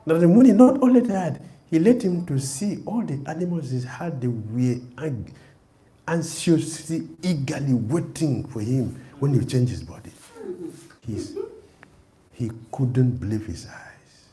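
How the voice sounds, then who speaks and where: Male swami, sermon storyteller, very animated pitch. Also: measured pace, slight background noise. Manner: animated, acts out the story in voices. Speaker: swami preacher.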